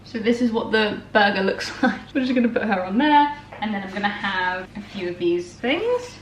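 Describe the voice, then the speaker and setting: A woman's voice: medium pitch, animated, normal speed, noisy background. A young woman chatting casually through her day, laughing often and poking fun at herself. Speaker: vlogger. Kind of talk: casual chat. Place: home kitchen. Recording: echoey kitchen with clatter.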